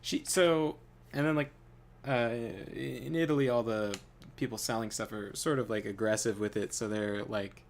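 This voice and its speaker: A man's voice: mid-range voice, fairly even intonation, normal speed, vocal fry, slight background noise. Rambling man telling stories while gaming. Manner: rambling, many fillers, laughs often. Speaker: gaming channel host. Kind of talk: casual storytelling while playing a game.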